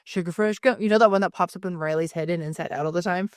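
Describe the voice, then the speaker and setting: Animated swearing woman in her thirties. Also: on the low side, fast talker, no echo, clean studio sound. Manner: animated storyteller, swears freely, acts out quotes. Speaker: podcast co-host, mother. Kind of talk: casual chat.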